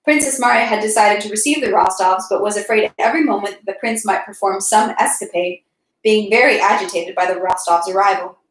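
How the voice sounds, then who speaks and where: A woman reading a classic novel aloud in a steady voice, with occasional slips and self-corrections. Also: medium pitch, brisk. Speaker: reader. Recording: echoey room.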